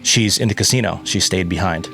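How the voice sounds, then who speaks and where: A man's voice: sits low, brisk, creaky, sharp tone, slight background noise. A man playing in a tabletop game, casually explaining what his character did. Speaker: player.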